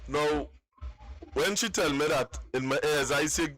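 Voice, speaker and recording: A man's voice: on the high side, unhurried, fairly bright tone. A man, calling in to tell a long personal story, rambling and repeating words. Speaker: caller.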